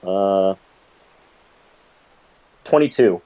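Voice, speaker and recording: A man's voice: sits low, very slow, dry recording. A man playing in a tabletop game, chatting casually in a playful way. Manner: very animated, playful. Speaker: player.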